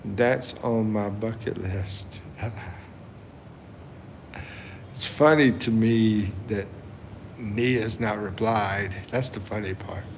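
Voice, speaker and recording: Guy on a livestream reading chat, slow and laid back, lowish voice, bit of room hum. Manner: chuckles often, reads chat aloud, slow and relaxed. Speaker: livestream host. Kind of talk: casual live chat reading comments.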